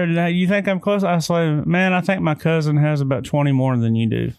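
Smooth-voiced laid-back man. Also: fairly high pitch, fairly even intonation, a little fast, hardly any pauses, darkish tone, no echo, studio quality. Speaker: podcast co-host, a father. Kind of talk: casual chat.

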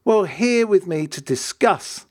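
A man's voice: sits high, expressive, measured pace. A man hosting a podcast, introducing guests and teasing them with jokes. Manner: jokey, teasing, laughs often. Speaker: podcast host. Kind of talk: casual chat.

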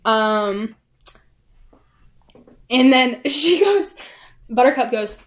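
A woman co-hosting a casual film podcast, her voice sitting a little high and carrying a roomy echo. She rambles in a chatty way and fills her talk with "like". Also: expressive, extremely slow. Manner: chatty, full of "like" asides. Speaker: podcast co-host. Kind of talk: casual movie-review chat.

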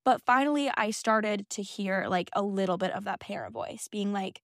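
A woman's voice: mid-range voice, a bit bright, dry recording, clean studio sound. A young woman hosting a podcast, telling a personal story in a candid, emotional way, recorded in a small closet. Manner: candid and emotional, quick asides. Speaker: podcast host.

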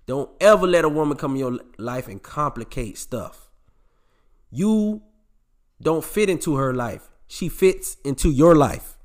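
A man's voice: a little high, lively intonation, measured pace. A man hosting a podcast, delivering a blunt, preachy monologue straight to his male listeners and swearing freely as he goes. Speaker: podcast host.

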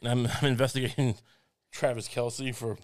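A man's voice: mid-range voice, flat delivery, moderate pace. Rambling, self-mocking man. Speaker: podcast co-host. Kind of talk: casual comedic chat.

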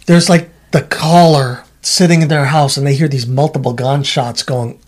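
A middle-aged man, a former trooper, telling stories in a casual chat, animated and swearing, acting out what people said. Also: medium pitch, normal speed, hardly any pauses. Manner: animated storyteller, swears, acts out quotes.

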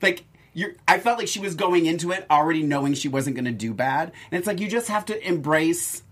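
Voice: mid-range voice, animated, brisk. A regular podcast co-host in casual chat, agreeable and often checking that the point lands.

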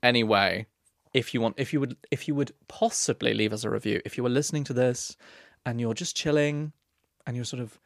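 A man's voice: mid-range voice, a little fast, gravelly, dry recording. A man co-hosting a comedy podcast, chatting in a camp, playful, self-mocking way. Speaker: podcast co-host. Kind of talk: comedic casual chat.

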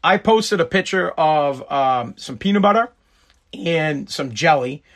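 A man's voice: fairly high pitch, expressive, measured pace, a bit bright. A man with a Massachusetts accent hosting a show, ranting bluntly and with lots of profanity in casual commentary. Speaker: podcast host.

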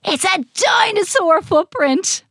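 A woman voicing an excited three-year-old boy dressed as a dinosaur, shouting and roaring. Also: very high-pitched, slow, creaky, dry recording, studio quality, voice pushed up, heavily acted.

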